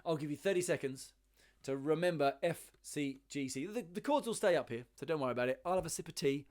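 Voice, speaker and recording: A man's voice: a little high, quick pace, a little mellow. A man teaching a ukulele lesson, encouraging, counting beats aloud and singing along. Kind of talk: online music lesson.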